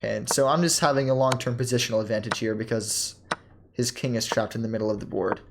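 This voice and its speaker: A young man casually thinking aloud as he reviews his own chess game, often pausing with ums, correcting himself and laughing softly. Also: mid-range voice, steady tone, background noise. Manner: halting, self-correcting, many ums and laughs.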